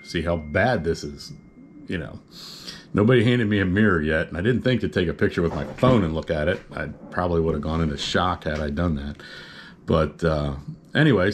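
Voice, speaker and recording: A man with a very low, deep voice tells a story from his own life in a loose, chatty way. He rambles good-naturedly and fills his pauses with "uh" and "you know". Faint background noise sits under his voice. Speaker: vlogger telling a personal story. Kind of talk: casual storytelling.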